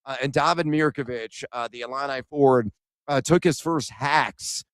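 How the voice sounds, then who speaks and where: Male radio co-host, animated storyteller, dry close mic, mid-range voice. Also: mid-range voice, normal speed, clear, resonant tone, dry recording. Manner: animated storyteller, acts out quoted exchanges. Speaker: sports radio co-host reporting from an event. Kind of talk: excited sports radio storytelling.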